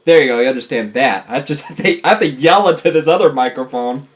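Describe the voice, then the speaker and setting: A man giving casual, goofy commentary over a game, talking to and yelling at his virtual pets. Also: medium pitch, lively intonation, quick pace. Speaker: gameplay commentator.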